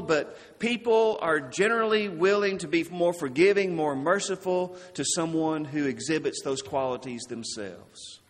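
A man preaching a sermon, slow and deliberate, dropping his voice low and soft on key words. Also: in a large hall.

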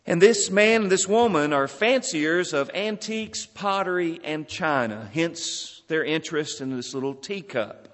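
Man preaching, earnest storyteller, voice a bit high, lots of hall echo. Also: animated, measured pace, hardly any pauses. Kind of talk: sermon storytelling. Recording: long hall reverb.

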